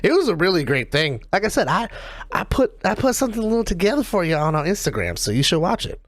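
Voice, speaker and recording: A woman co-hosting a casual wrestling podcast, recapping matches in animated, profane storytelling. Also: on the low side, fast talker, dry recording, studio quality. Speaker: podcast co-host.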